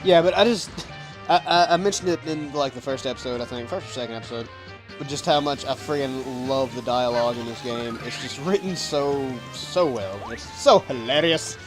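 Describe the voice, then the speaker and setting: A man's voice: medium pitch, moderate pace. A young man hosting a let's play, rambling and self-deprecating in casual gameplay commentary, often stumbling over words. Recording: game music behind.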